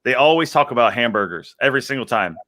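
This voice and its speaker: A man in casual beer-drinking chat, a relaxed, joking storyteller. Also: medium pitch, fast talker. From United States. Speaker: guest YouTuber.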